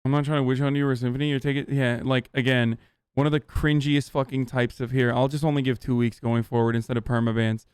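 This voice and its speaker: A man streaming live, ranting heatedly at his chat with lots of swearing and halting restarts. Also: mid-range voice, steady tone, a little mellow, clear, resonant tone, dry recording, clean studio sound. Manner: profane, agitated, halting restarts.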